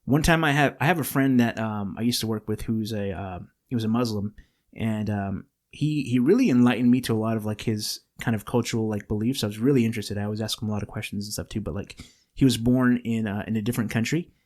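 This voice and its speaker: A man's voice: lowish voice, fast talker, a little mellow. A man from California hosting a podcast, chatting casually in a studio, rambling with many restarts and fillers. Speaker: podcast host.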